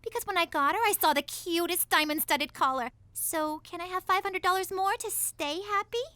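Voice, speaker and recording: An actress voicing a spoiled, dramatic teenage daughter in an animated comedy, whiny and bratty. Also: female voice, very high-pitched, normal speed, no echo. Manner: whiny, bratty, swings between pouting and gushing.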